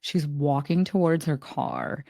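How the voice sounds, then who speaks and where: Young woman podcast co-host, expressive casual storyteller, very low pitch, dry close-mic sound. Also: takes it slowly, vocal fry, no room sound. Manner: expressive, relating a film plot with filler words. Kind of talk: casual chat.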